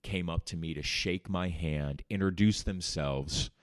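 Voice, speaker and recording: Unhurried and low-voiced, a podcast host tells his own recovery story candidly, speaking bluntly and cursing freely, in a dry recording of studio quality.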